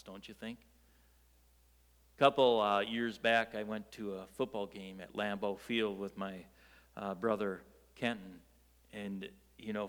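A man preaching a sermon, telling the story in a lively way with rhetorical questions and light jokes. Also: medium pitch, in a large hall. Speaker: pastor.

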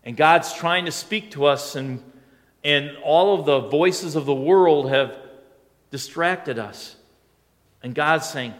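A man preaching a sermon in a fairly high, conversational voice. He talks like he is telling a story, then leans hard into his main points. The sound carries the long reverb of a large church hall. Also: slow, fairly bright tone. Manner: conversational storytelling, rising to emphatic. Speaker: pastor.

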